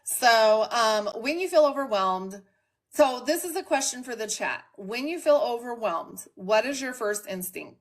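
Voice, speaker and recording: A woman's voice: on the high side, animated, unhurried. A woman hosting a casual live stream from home, talking candidly and directly to her chat. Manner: candid, plain-spoken, talks to the chat. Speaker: livestream host.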